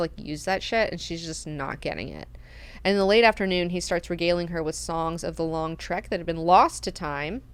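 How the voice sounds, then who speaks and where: A woman hosting a book club, recapping chapters in an animated, slangy, profane way. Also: lowish voice, clear, resonant tone.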